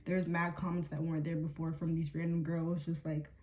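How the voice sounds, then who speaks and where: Getting ready on camera, a young woman who runs a beauty channel tells a chatty story full of "like" and "um" fillers, performing the quoted lines. She speaks fairly quickly, her voice low, level, and darkish.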